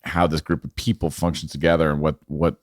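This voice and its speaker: A man with a very low voice speaks as a podcast guest, thinking aloud and circling back to restart his sentences. His voice comes across close and dry, without room echo. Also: little pitch movement, fairly quick. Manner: reflective, with restarts. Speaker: filmmaker guest. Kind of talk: casual conversation.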